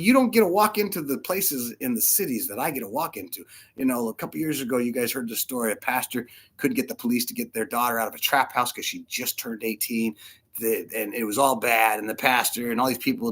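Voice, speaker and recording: A man preaching a casual sermon, short of breath with fluid in his lungs, animated and laughing often between soft asides. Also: mid-range voice, slightly rough. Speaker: pastor.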